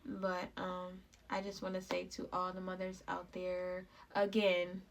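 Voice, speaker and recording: A young woman vlogger telling a personal story in a halting, heartfelt way, full of fillers. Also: fairly low pitch, completely flat delivery, gravelly, far from the mic, a little hiss or hum.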